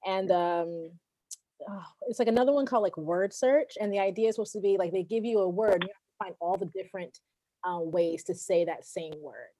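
A woman hosting a casual podcast chat, animated and giggly, often trailing into fillers. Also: mid-range voice, fairly quick, no room sound. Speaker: podcast host.

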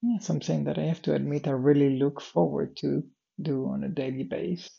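A tired, yawning man, perhaps a vlogger, records a daily audio diary, rambling through his day with plenty of fillers and restarts and drifting off topic. His voice sits on the high side with a steady tone and a fairly quick pace, creaky and dark with a breathy edge. The highs in the recording are cut off.

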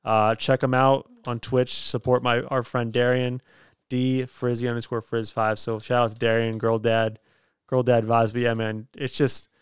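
A man's voice: mid-range voice, level tone, moderate pace, clean tone, no echo. A young man hosting a podcast in casual chat, joking and rambling with frequent laughs. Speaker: podcast host.

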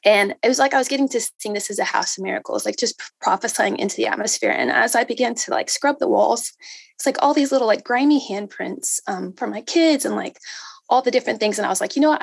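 A woman in her thirties giving a personal faith testimony to a group, emotional and halting, with many fillers and restarts. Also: mid-range voice, gravelly, breathy edge, no room sound. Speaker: speaker sharing a testimony.

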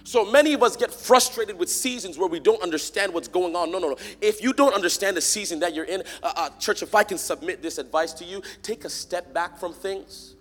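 A man preaching a sermon to a church congregation, swinging from quiet, close talk to loud, shouted call-and-response. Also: high voice, a little fast, hardly any pauses. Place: large church hall. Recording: long hall reverb.

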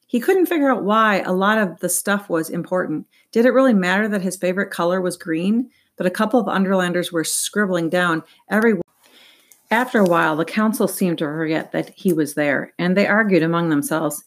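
A woman reading an audiobook aloud in a steady, even voice. Her pitch sits on the low side, and she makes the odd small slip as she goes. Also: a little fast. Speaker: audiobook narrator. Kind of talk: audiobook narration.

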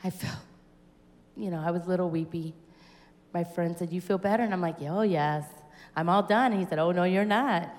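A woman's voice: fairly low pitch, steady tone, a little fast, long pauses, darkish tone. Woman giving testimony in an echoey hall. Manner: storytelling, acting out remembered dialogue, building to fervent exclamations. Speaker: church testimony speaker. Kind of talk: personal testimony at a church service. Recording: echoey church hall with long reverb.

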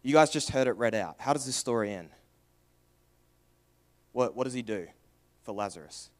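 A young man preaching a sermon, earnest and questioning, moving from raised emphasis to hushed, quiet passages. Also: mid-range voice, lively intonation, moderate pace.

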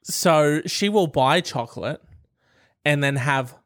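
A man co-hosting a casual chat, telling stories in a wry, animated way and swearing along the way. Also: a little high, slow, no room sound, studio quality. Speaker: podcast co-host reading questions.

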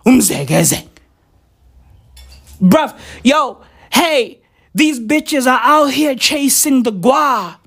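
High-pitched, excitable man. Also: slow. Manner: excitable, rambling, breaks into shouts. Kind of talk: casual profane rant.

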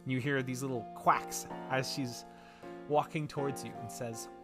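A man narrating a tabletop fantasy game as game master, in a relaxed storytelling way. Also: mid-range voice, a little slow. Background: background music.

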